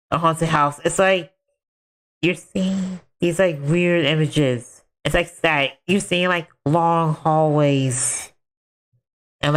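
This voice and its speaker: A man's voice: on the high side, fairly bright tone. A man streaming a game, chatting casually in a rambling way full of filler words. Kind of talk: casual chat while gaming.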